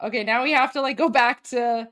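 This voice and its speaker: A young woman with a high voice hosts a live stream and reacts to footage as it plays. She gasps, laughs and talks in quick, delighted bursts, thanking her viewers warmly. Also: expressive. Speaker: livestream host.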